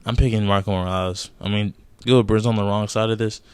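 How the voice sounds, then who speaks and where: A man's voice: fairly low pitch, steady tone, fast talker, clear, resonant tone, no echo. A young man giving casual, heated, profane commentary on fight news, rambling with fillers and frequent outbursts. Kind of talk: casual chat.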